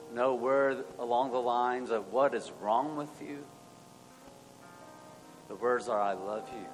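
A male pastor leading an earnest spoken prayer, moving between hushed and loud passages. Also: medium pitch. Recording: long hall reverb, soft music.

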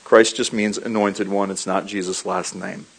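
A man preaching a sermon, telling animated stories, laughing briefly and repeating his key lines. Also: sits low, moderate pace, vocal fry, husky, low-quality recording.

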